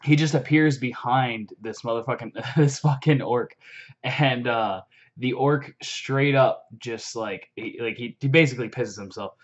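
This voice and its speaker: A young man excitedly recapping a fantasy novel in a rambling vlog, full of fillers and swearing. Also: medium pitch, measured pace. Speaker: vlogger. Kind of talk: casual book recap. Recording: dull lo-fi audio.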